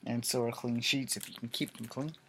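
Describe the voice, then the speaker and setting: A man's voice: mid-range voice, steady tone, brisk, bright, forceful tone, slight background noise. A middle-aged man talks late at night, tired and blunt. His rant rambles and he swears freely, holding a plain, casual manner as he speaks to the camera. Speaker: vlogger.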